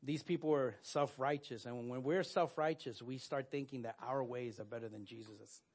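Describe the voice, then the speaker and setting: A man's voice: medium pitch, normal speed, darkish tone, slightly rough. Earnest man preaching. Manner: earnest, with frequent fillers and restarts. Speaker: pastor. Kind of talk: sermon.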